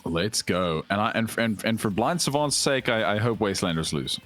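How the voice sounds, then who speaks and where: A man's voice: lowish voice, pushed and bright, husky. A man doing casual live commentary on a game match, laughing often and cheering the action on.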